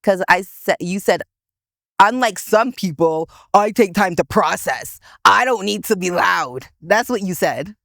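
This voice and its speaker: Excitable woman co-hosting a podcast. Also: mid-range voice, a little slow, gravelly, dry recording, studio quality. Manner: animated, excitable, pushes back hard. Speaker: podcast co-host. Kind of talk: casual argumentative chat.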